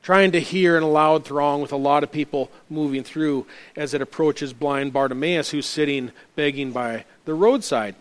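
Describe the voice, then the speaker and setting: High-voiced male preacher. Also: moderate pace, hardly any pauses. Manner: earnest preaching with frequent restarts and fillers. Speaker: pastor. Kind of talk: sermon.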